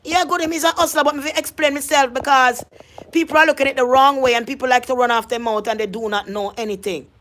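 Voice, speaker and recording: A woman's voice: high voice, steady tone, quick pace, a bit bright, slight background noise. Emphatic woman. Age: adult. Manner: emphatic, repetitive, confrontational. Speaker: vlogger. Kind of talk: ranting vlog monologue.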